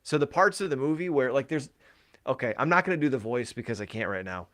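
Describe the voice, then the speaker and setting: A man's voice: mid-range voice, lively intonation, fast talker, fairly bright tone. Rambling, profane man on a podcast. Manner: rambling, profane, lots of fillers. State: voice tired from talking all day. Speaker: podcast co-host. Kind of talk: casual podcast chat.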